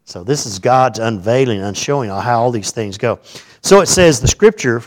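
A pastor with a mid-range, expressive voice delivers a conversational sermon at a moderate pace. He works through a scripture passage, adding asides and swinging widely between loud emphasis and quiet remarks.

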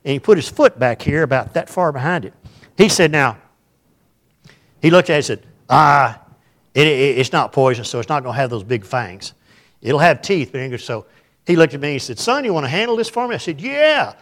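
A man's voice: medium pitch, fairly quick. Folksy man telling a story. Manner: folksy, humorous, animated storyteller. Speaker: pastor. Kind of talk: storytelling sermon. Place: church.

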